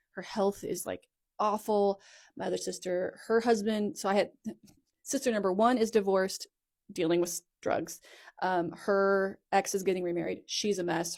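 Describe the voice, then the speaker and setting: A woman in her thirties talks straight into her phone at home in a relaxed storytime style. She rambles and circles back, fills her sentences with "like," and corrects herself as she goes. Her pitch sits in a middle range for a woman. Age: 30s. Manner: rambling and chatty, full of "like" asides and self-corrections. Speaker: content creator telling her life story. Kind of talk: casual storytime monologue.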